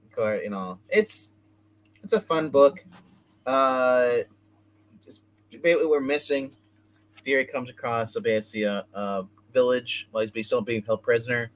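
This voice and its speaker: A man hosting a casual comic book review, rambling as he retells scenes and tosses in quick bits of dialogue. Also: mid-range voice, low-quality recording.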